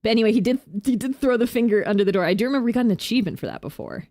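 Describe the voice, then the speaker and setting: A woman's voice: fairly high pitch, racing, darkish tone, dry recording, studio quality. A young woman streaming a game, chatting casually and giggling as she rambles.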